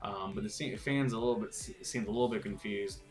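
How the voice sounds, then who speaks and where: A man's voice: fairly low pitch, brisk, soft background music. A man giving a casual, profane, rambling recap rant as a wrestling vlogger, with frustrated asides.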